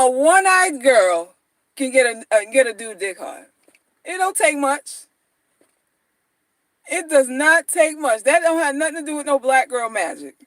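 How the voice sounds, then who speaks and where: A woman's voice: high-pitched, fairly bright tone, no room sound, low-quality recording. A woman dating-advice vlogger talking casually and bluntly to viewers, slangy, mocking and repetitive.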